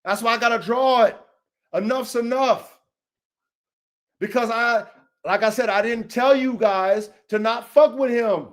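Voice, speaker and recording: A man with a notably high speaking voice delivers a heated, profane rant on his podcast. He talks in a confrontational way, circling back over the same points and calling people out by name. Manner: profane, confrontational, repetitive, calls out names. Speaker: podcast host.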